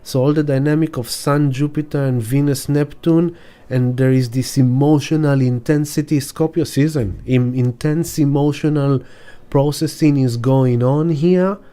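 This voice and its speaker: Mellow-voiced man musing on astrology. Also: a little high, fairly even intonation, clear, resonant tone. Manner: reflective and halting, with fillers and restarts. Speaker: astrologer and sound healer. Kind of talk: casual weekly astrology talk.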